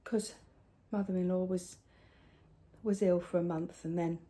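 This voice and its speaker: An older woman, chatting casually at home as a crafting vlogger, rambling, with soft hushed asides. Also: lowish voice, steady tone, measured pace. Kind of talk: casual chat showing crafts.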